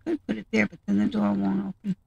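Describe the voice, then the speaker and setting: A woman talks through her game in a relaxed, unhurried way, thinking aloud as she goes. Her voice has a strong gravelly fry at mid pitch. The recording is dry and close, with almost no room sound. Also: dry recording, highs cut off. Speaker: gaming video host. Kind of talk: casual game commentary.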